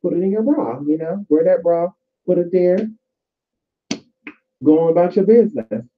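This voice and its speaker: A woman's voice: fairly low pitch, animated, normal speed, slight background noise. A woman vlogging casually about spiritual practice, chatty and profane, calling her viewers y'all. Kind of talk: casual spiritual advice and storytelling. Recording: tinny phone-like sound.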